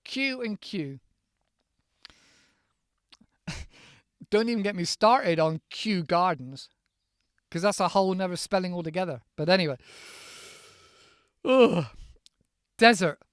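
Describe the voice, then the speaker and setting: A man's voice: high voice, expressive, measured pace, pauses often, no room sound, clean studio sound. Playful man spelling out words. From United Kingdom. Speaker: English teacher podcaster. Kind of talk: casual podcast lesson.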